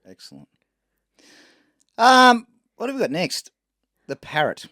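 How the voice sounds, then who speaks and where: A man's voice: very high-pitched, big pitch swings, measured pace, pushed and bright, no room sound, clean studio sound. A man co-hosting a podcast in casual, joking chat with a crude sense of humour. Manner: joking, crude, reads out jokes from listeners. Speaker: podcast co-host.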